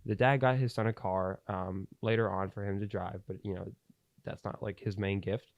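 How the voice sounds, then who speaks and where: A young man hosts a podcast, spinning a long story in a loose, casual way full of fillers and false starts. His voice sits a little low. It comes through a studio mic with a dry, close sound. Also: steady tone, normal speed, creaky, dry recording, highs cut off. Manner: rambling, lots of fillers and restarts. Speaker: podcast host.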